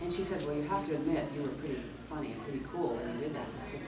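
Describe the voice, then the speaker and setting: A woman guest at a convention Q&A, telling a lively anecdote, acting out the quotes and laughing often. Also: low voice, very fast, over a noisy crowd. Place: large echoey convention hall. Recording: echoey hall, distant mic, background noise.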